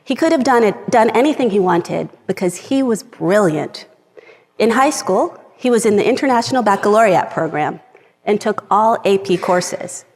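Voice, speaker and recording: A woman's voice: mid-range voice, expressive, normal speed, darkish tone. A middle-aged woman giving an earnest personal talk from a script to a live audience. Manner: earnest, reads from a script, gets emotional at times. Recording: long reverb of a large hall.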